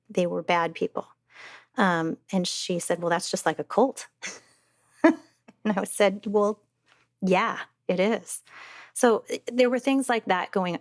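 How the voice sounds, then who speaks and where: A woman, a mother and podcast guest, telling a personal story in a halting way, with many restarts and fillers. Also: on the low side, no room sound, clean studio sound.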